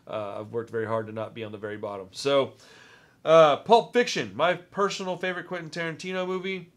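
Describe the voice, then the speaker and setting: A man's voice: a little high, brisk. A man with a Texan accent hosting a casual movie-ranking vlog, talking with rambling enthusiasm and often repeating words. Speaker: movie review vlogger.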